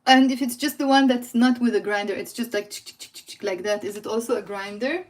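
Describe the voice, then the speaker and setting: A woman's voice: a little high, fairly quick. Playful Lebanese-accented woman teaching live. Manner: playful, laughs often, chats with viewers. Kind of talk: live-streamed language lesson. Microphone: phone or computer mic on a livestream.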